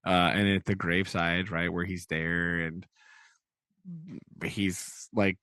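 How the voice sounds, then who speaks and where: With a deep, smooth voice that's level yet sharp in tone, this podcast co-host speaks slowly during casual book talk, filling his rambling with "like" and "right?". He performs quotes in changing voices, captured in a dry recording.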